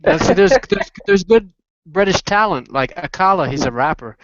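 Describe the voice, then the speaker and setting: A man cutting into a casual online chat with teasing wisecracks, his voice sitting a little high. It comes through dull and lo-fi, like a call. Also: expressive, moderate pace, no room sound.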